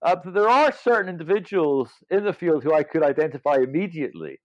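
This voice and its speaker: An author and legal scholar, a man in his fifties or older, is a guest in a reflective interview, speaking thoughtfully with many hesitations and restarts. His fairly high voice has a sing-song lilt and moves fast, and the recording is dry, dull and lo-fi.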